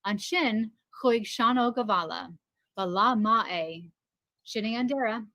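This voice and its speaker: A woman co-teaching a beginner lesson, reading story lines and phrases aloud in a clear, measured way. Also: a little high, pushed and bright, no echo.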